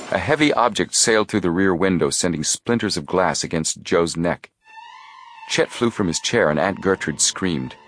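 A man reading a children's mystery book aloud with expressive storytelling. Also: low voice. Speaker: audiobook narrator. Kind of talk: scripted narration.

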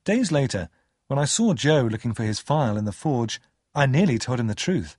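A man reading a story aloud with expressive narration. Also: mid-range voice, moderate pace, no echo.

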